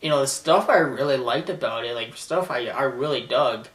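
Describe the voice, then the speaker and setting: Rambly guy vlogging, laughs a lot, bright voice, sits back from the mic in an echoey room. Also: mid-range voice, normal speed, distant mic. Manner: rambling, laughs often, many fillers and restarts. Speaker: vlogger recapping a wrestling show. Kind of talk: casual chat. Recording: roomy echo, set back from mic.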